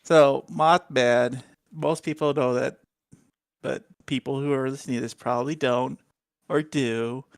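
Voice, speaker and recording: A man co-hosting a casual live-streamed podcast, joking and teasing, laughing at his own jokes, with a gravelly voice. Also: mid-range voice, steady tone, a little slow, dry recording, clean studio sound. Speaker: podcast co-host.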